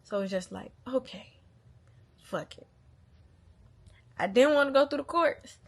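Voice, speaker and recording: A woman's voice: high voice, expressive, unhurried. A young woman, a mother, talking candidly and bluntly to the camera, swearing often and repeating lines for emphasis. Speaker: mother venting on a channel. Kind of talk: candid casual venting monologue.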